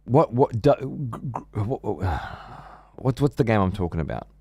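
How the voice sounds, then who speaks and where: A man's voice: fairly low pitch, sing-song, a little slow, darkish tone, breathy edge, no room sound. A middle-aged man streaming games, chatting casually in a rambling, profane way with many restarts. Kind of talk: casual gaming stream chat.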